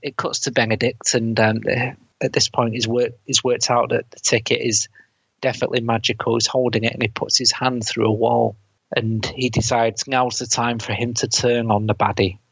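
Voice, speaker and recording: A man's voice: medium pitch, flat delivery, normal speed, a bit bright, husky, dry recording. A man co-hosting a film review podcast, casually retelling scenes with frequent laughs and quoted lines. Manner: laughs often while recounting scenes, quotes lines in put-on voices. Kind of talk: casual chat, retelling a plot. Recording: dull, dry close mic.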